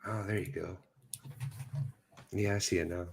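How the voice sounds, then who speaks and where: Gravelly, husky man in casual chat. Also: sits low, fairly even intonation, a little slow. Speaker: podcast co-host and chat mod. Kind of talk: casual late-night stream chat.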